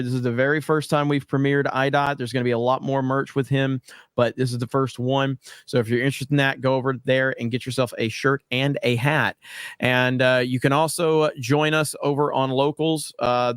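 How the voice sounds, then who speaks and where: A man's voice: mid-range voice, level tone, normal speed, clean tone, no echo, clean studio sound. A man hosting a live stream in casual chat, laughing often as he tells stories. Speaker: show host.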